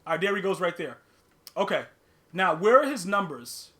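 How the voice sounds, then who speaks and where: A young adult man hosting a casual livestream podcast, talking to his chat in animated slang and often repeating and restarting his words. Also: high-pitched, moderate pace. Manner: slang-heavy, talks to chat viewers. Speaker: podcast host.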